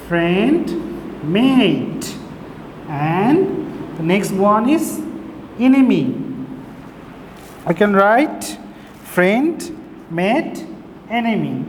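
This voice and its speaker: A male teacher giving a recorded English lesson to young children, spelling out each word letter by letter. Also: high-pitched. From Bangladesh. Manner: slow, spells words letter by letter. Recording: echoey room with faint hiss.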